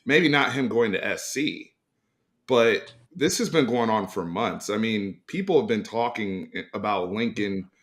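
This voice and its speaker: A man's voice: fairly low pitch, a little slow, a bit bright. A man co-hosting a sports fan talk show, easygoing and supportive, laughing along with his partner.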